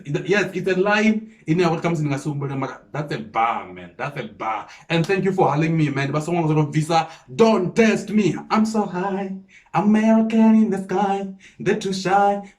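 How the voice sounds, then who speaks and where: A South African man reacting to a freestyle, explaining the lyrics line by line and repeating himself with excited disbelief. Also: fairly high pitch. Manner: repeats 'come on, man' with disbelief. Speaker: music reaction host. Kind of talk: casual reaction commentary.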